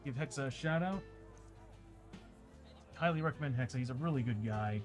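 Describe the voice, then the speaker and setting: A man's voice: medium pitch, normal speed, pauses often. A man streaming a tabletop game, rambling casually to his viewers with a dry throat. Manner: rambling, chatty, talks straight to viewers. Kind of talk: casual livestream chat. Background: faint ambient music.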